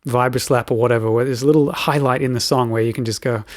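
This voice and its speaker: A man's voice: mid-range voice, fairly even intonation, quick pace, no echo, studio quality. Man rambling casually about music. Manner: rambling, full of fillers and restarts. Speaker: podcast co-host and musician. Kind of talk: casual chat.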